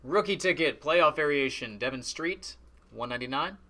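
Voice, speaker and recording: A man's voice: on the high side, expressive, normal speed, pushed and bright, a little hiss or hum. A man casually reading out trading cards as he opens packs on a live stream. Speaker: card box breaker. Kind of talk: live-streamed card break commentary.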